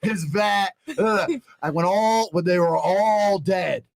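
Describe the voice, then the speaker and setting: A man in his thirties, a podcast guest, telling a story with animated energy, swearing freely and acting out the people in it. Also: sits high, slow, vocal fry. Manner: acts out quoted voices, swears freely.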